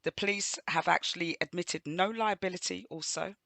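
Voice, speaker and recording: A woman's voice: lowish voice, normal speed, gravelly, a bit bright, dry recording. A woman co-hosting a radio show, chatting casually with listeners, greeting them by name and reading the news. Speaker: radio co-host.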